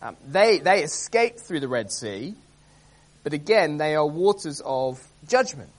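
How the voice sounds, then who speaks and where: A man preaching an expository sermon, earnest and emphatic, reading scripture aloud with dramatic stress and often pausing with um and uh. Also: on the high side, sing-song. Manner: earnest, emphatic, many ums and uhs.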